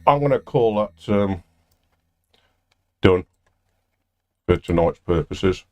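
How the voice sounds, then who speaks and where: Rambling older man, low voice. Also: lively intonation, takes it slowly, a little mellow. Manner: rambling, easily sidetracked, swears casually. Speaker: music producer streaming a session. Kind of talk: casual livestream chat.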